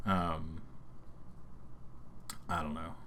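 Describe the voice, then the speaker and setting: A man co-hosting a casual streamed podcast, rambling and animated, often slipping into quick voice impressions. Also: very deep voice. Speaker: podcast co-host. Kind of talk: casual chat. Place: home streaming setup.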